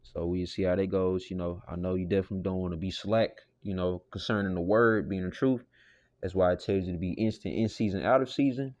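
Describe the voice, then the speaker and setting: A man's voice: low voice, fairly even intonation, a little fast, a little mellow, muffled recording. A man teaching a casual Bible lesson, talking loosely and conversationally with lots of "you know" and the odd curse.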